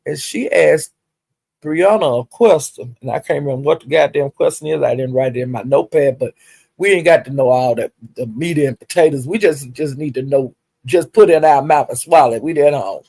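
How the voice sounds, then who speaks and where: A woman's voice: low-pitched, a little fast, gravelly, warm tone, slightly rough, no room sound. A woman gossiping on a casual livestream, sassy and profane, with drawling "well, honey" asides. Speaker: livestream commentator.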